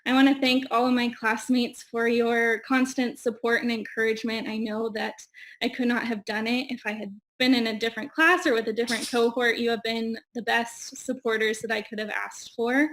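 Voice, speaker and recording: A woman's voice: a little high, steady tone, normal speed, fairly bright tone. A young woman giving a heartfelt thank-you speech on a video call, full of ums and getting teary. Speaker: graduating audiology student.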